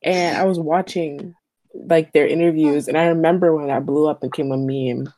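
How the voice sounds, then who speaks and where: Young woman co-host, very low voice, quick joking asides, dry sound. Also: fairly even intonation, dark tone, no room sound. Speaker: podcast co-host. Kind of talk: casual chat among friends.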